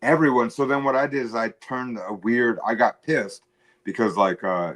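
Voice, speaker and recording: A man's voice: mid-range voice, moderate pace, a bit bright. A man in casual stream chat, telling a heated story full of swearing. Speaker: co-host guest.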